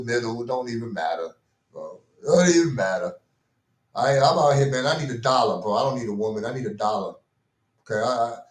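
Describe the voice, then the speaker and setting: Man, casual slangy rant, exasperated, repetitive, roomy echo. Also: medium pitch. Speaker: commentary vlogger.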